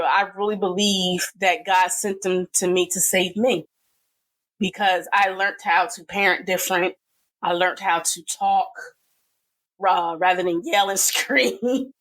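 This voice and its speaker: A middle-aged woman talks as a guest on a podcast. Her voice sits a little low, and she speaks earnestly and emotionally. She pauses and uses fillers as she tells her own story. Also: a bit bright, low-quality recording. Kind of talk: personal testimony in an interview.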